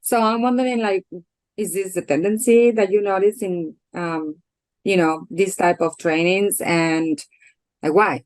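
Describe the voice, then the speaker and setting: A woman's voice: mid-range voice, fairly even intonation, measured pace, a little mellow, dry recording. A woman participant in an online workshop asking a curious, joking question over a video call.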